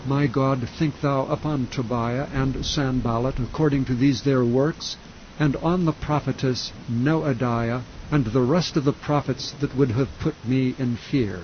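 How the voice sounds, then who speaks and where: A man reading scripture aloud in a slow, even, measured way, calm enough for sleep. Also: mid-range voice, lo-fi sound, slight background noise. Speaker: scripture reader. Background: faint rain sound.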